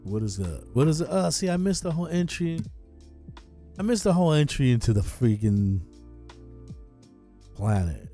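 A man chatting casually on a gaming live stream, excitable, swearing and calling everyone "dude". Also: medium pitch, normal speed, pauses often, soft background music.

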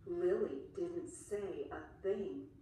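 A woman reading a children's story aloud in a slow, expressive way. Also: fairly low pitch, recorded from a distance, slight background noise. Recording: echoey room, a little off mic.

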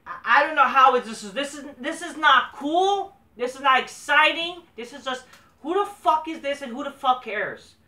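A man tears into a wrestling show in a scornful, swear-filled rant. His voice has a sharp, forceful brightness and sits back from the mic in an echoey room. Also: very high voice, expressive, normal speed. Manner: profane, scornful ranting. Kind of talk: ranting show review. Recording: roomy echo, distant mic.

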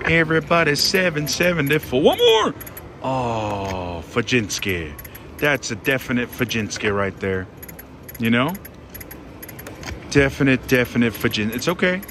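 A man giving excited live commentary as he plays slots in a casino, pleading with the machine and making dramatic exclamations. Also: medium pitch, noisy background. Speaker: slot machine vlogger. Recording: loud casino slot machine music behind. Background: slot machine music.

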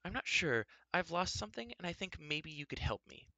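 A man voicing a nervous, apologetic adult woman with a slightly hoarse voice, speaking haltingly. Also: lowish voice, sing-song, pushed and bright, dry recording, voice pushed up, exaggerated voice.

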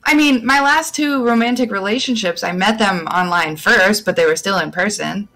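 A woman's voice: mid-range voice, moderate pace, bright, forceful tone, poor audio. A young woman chatting casually as a guest on a live stream podcast, rambling with many fillers and restarts.

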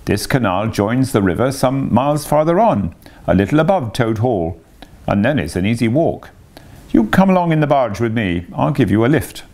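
A man's voice: mid-range voice, very animated, moderate pace, a little mellow, pitched above the performer's own voice. A man voicing a large, hearty canal barge woman who talks in a bluff, friendly way.

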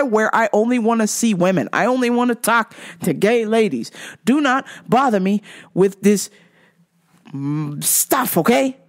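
A woman hosting a podcast, ranting in a heated, profane way that swings between yelling and muttering. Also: a little high. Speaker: podcast host.

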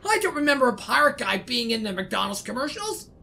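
A woman host giving excited let's-play commentary, laughing often and talking to the game characters. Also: fairly high pitch, brisk, vocal fry. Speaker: gaming channel host.

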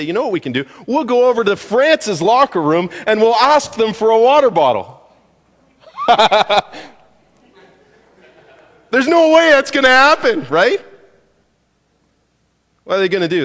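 A male pastor preaching a sermon in a conversational way, asking the congregation questions as he goes. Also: fairly high pitch. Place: church sanctuary. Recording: church hall reverb.

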